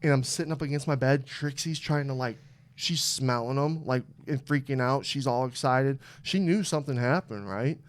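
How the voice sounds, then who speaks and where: A young man hosting a podcast, telling a story in a lively, animated way, swearing often and acting out what people said. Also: medium pitch, moderate pace. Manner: animated, swearing, acts out quotes. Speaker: podcast host. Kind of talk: casual storytelling chat.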